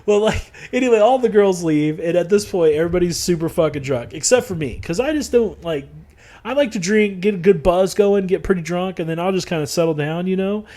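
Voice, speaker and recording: A young man co-hosting a podcast, spinning a long story in a loose, rambling way. He swears freely and keeps circling back with fillers and restarts. His voice sits a little higher than most men's. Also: animated, brisk, mellow. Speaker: podcast co-host. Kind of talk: casual storytelling chat.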